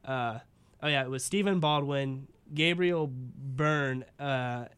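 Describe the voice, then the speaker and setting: A man's voice: mid-range voice, slow, a bit bright, smooth. A man hosting a casual chat, rambling with lots of fillers and laughing often. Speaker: podcast host.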